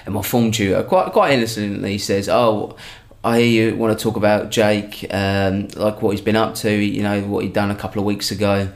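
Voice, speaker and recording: A man's voice: fairly low pitch, steady tone, normal speed. A young man, a comedian, casually telling a long anecdote with frequent restarts and self-corrections. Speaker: comedian guest. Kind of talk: casual storytelling.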